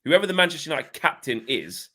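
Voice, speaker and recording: A man's voice: fairly high pitch, sing-song, fast, sharp tone. A man co-hosting a casual football podcast, emphatic and slangy, often repeating himself. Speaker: co-host.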